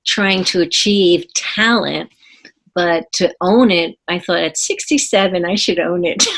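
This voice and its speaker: An older woman in her seventies shares her life story in an interview. Her voice sits a little low, and she talks in an earnest, reflective way. She takes her time and often stops to restart a thought. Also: a bit bright. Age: 70s. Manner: earnest, unhurried, with pauses and restarts. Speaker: guest, former ballerina.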